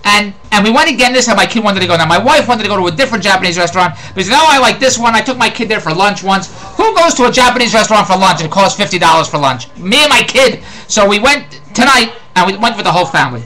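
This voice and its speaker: Middle-aged man, Philadelphia accent, rambling exasperated rant, high bright voice. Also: lively intonation, fast, few pauses, poor audio. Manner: rambling, exasperated, repeats words. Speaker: host. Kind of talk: ranting comedic monologue.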